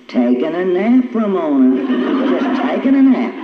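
A woman quoting her drowsy, easygoing cowboy husband in a slow, mild voice. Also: fairly low pitch, very animated. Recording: echoey, dull, noisy old tape.

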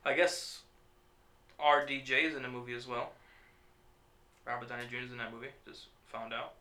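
A man's voice: medium pitch, fairly even intonation, normal speed, bright, forceful tone. A man hosting a podcast in casual chat, rambling and cursing, stumbling over names. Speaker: podcast host. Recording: echoey room.

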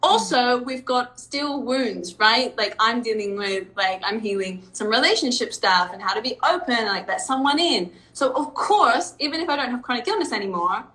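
A woman speaking as a guest life coach in a casual podcast chat, candid and animated and swearing freely. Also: on the high side, normal speed, hardly any pauses, low-quality recording.

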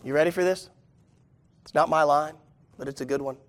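Preaching to his congregation, this pastor speaks briskly in a fairly high voice with a steady tone. His sermon is emphatic, and he keeps addressing the listeners through rhetorical questions.

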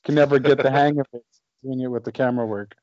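A man's voice: medium pitch, fairly even intonation, fast talker, darkish tone, no room sound, highs cut off. A man co-hosting a casual wrestling podcast, asking incredulous questions. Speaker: podcast co-host.

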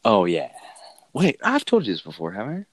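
A man's voice: lowish voice, wildly swooping pitch, moderate pace. A man in casual chat who laughs easily and rambles through his stories with lots of fillers. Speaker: co-host telling work stories.

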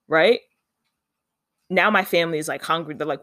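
A speaker from Canada, telling a story in a chatty, animated vlog style and acting out the dialogue. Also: medium pitch, brisk, no echo, clean studio sound.

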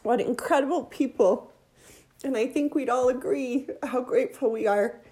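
A woman giving an emotional religious testimony, near tears, heartfelt and halting. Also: high voice, warm tone.

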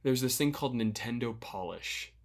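A man's voice: mid-range voice, normal speed. A man co-hosting a gaming podcast, talking with rambling enthusiasm and many restarts. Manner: enthusiastic, rambling, lots of fillers like dude. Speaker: podcast co-host. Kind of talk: casual chat.

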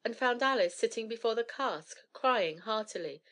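A woman narrating an old fairy tale in a steady, measured reading voice. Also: a little high. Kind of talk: storybook reading.

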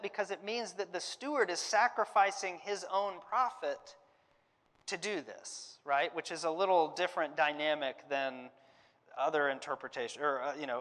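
A man's voice: on the high side, a bit bright. A man giving a conversational Bible lesson, thinking aloud, hedging and restarting often. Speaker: Bible teacher. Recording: long hall reverb.

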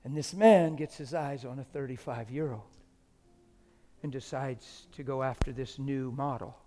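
A man preaching a sermon, dropping to hushed whispers and rising to loud, emotional exclamations. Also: mid-range voice, measured pace. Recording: long hall reverb with faint music.

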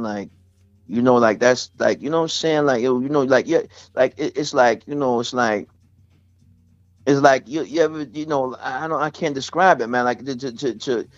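A man's voice: mid-range voice, no room sound. Rambling New man, dull dry audio. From Staten Island, New York. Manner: rambling, heavy with fillers like "you know what I'm saying". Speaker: interview guest, rapper. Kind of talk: casual emotional storytelling.

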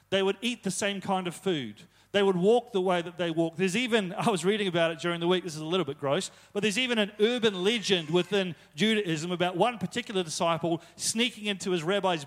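A young man preaching a casual, conversational sermon, retelling stories with joking asides. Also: high voice.

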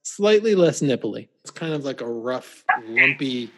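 A man co-hosting a podcast, chatting casually about a film with a wry, deadpan delivery and plenty of "uh" and "um". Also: mid-range voice, unhurried, heavy background noise. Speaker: podcast co-host.

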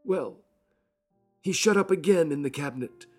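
A man's voice: fairly high pitch, animated, normal speed, a little mellow, faint music behind, pitched above the performer's own voice. A man voicing a worried, deferential manservant in an audiobook. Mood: uneasy. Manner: anxious, deferential.

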